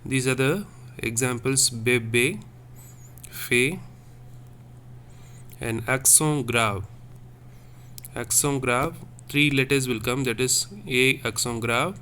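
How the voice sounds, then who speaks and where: Male language teacher, slow and repetitive, mid pitch, faint room noise. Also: bright, forceful tone. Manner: slow, repetitive, checks with "okay?". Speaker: French teacher. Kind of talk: classroom lesson.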